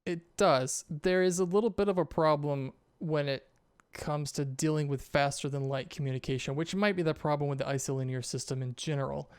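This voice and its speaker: A man's voice: on the high side, steady tone, a little fast, clean tone, dry recording, studio quality, close to an everyday voice. A man voicing a flustered, scattered woman scientist who rambles through technical explanations.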